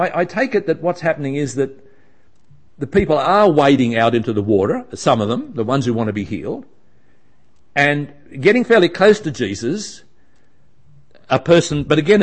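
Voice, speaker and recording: A man giving a chatty, digressive Bible study talk with frequent restarts. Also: mid-range voice.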